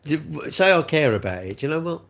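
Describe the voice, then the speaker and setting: A man's voice: fairly high pitch, sing-song, fairly quick, creaky, a bit bright. A middle-aged man, rambling through a casual livestream and answering viewer comments, calling them mate. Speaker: livestream host.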